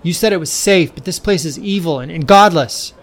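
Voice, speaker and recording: A man's voice: on the high side, animated, measured pace, husky. A man voicing a frightened, sheltered young man in a storybook reading, blurting his words in panic. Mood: panicked.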